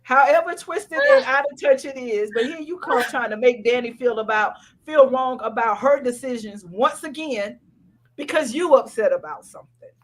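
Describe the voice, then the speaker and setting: A woman's voice: high-pitched, normal speed. A woman co-hosting a podcast, recapping a TV episode in casual chat and scolding the characters emphatically. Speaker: podcast co-host.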